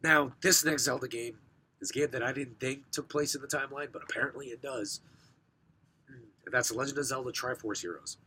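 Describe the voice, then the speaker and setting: A young man with a hoarse, rough voice from recent sickness, casually showing off his game collection, rambling and clearing his throat. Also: mid-range voice, fairly quick, sharp tone. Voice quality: rough, smoker-sounding voice. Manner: rambling, self-correcting, frequent throat clearing.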